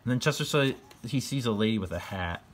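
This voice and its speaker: A man with a low voice retells a picture book in his own words, casual and loose. He rambles with fillers and restarts and chuckles often as he goes. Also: animated, quick pace, a little hiss or hum. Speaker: book reader.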